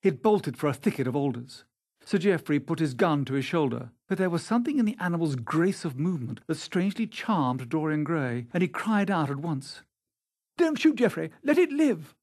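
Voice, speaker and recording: Husky, expressive male audiobook reader. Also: on the high side. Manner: measured, expressive reading. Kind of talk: scripted narration.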